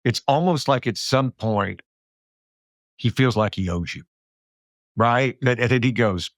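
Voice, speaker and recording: A man's voice: mid-range voice, unhurried, pauses often, dry recording. A man hosting a podcast, reflecting aloud in a thoughtful, rambling way with many restarts, close to the mic. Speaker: podcast host. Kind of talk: reflective interview chat.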